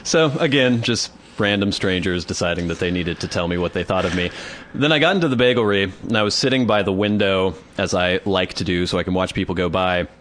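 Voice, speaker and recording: A man's voice: low voice, fairly bright tone, slight background noise. A young man co-hosting a podcast, casually telling a comic story and acting out bits of it. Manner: storytelling, acting out others in quick asides. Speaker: podcast co-host. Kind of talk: casual comedic chat.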